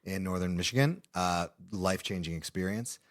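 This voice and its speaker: A man from Illinois in his thirties tells stories from his acting career in a relaxed podcast chat. His voice sits a little low, and he laughs often as he tells his anecdotes. He speaks in a loose, animated storytelling way. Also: moderate pace. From Illinois, USA. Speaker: guest actor. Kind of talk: casual interview storytelling. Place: podcast studio.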